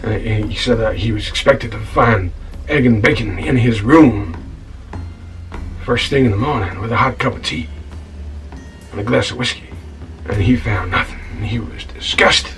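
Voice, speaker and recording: An actor playing a self-righteous scoundrel tavern keeper in a comedy web series, telling an indignant, stammering monologue and calling the listener son. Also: male voice, lowish voice, moderate pace, a bit bright, far from the mic, natural voice, poor audio. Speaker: title character of a comedy-drama web series. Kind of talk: comic monologue. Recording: voice a bit off-mic, with music behind.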